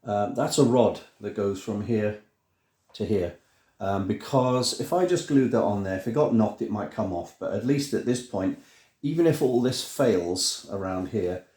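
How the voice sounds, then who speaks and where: A man's voice: fairly low pitch, warm tone. A middle-aged man with a British accent, chatting casually through a build vlog in a rambling, self-deprecating way, full of fillers and restarts. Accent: British English. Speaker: maker vlogger. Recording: roomy, mic at a distance.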